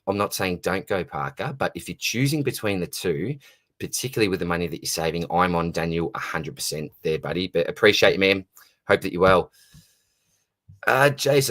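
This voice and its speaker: A man's voice: low-pitched, fairly bright tone. A young Australian man hosting a live Q&A stream, reading viewer comments aloud and answering them in a friendly, casual way. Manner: friendly, reads out comments and answers them, calls people mate and buddy. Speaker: livestream host.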